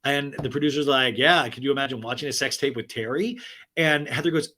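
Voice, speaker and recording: A man's voice: brisk, sharp tone. Snarky, profane male podcast recapper. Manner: snarky, profane, jumps into mocking high voices for quotes. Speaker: podcast host. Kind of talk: casual comedic reality-TV recap.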